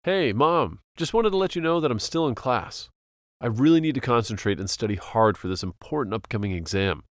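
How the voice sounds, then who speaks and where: A man's voice: mid-range voice, animated, fairly quick, no room sound, clean studio sound, natural voice. Man playing an exasperated college son. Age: young adult. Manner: exasperated, pleading.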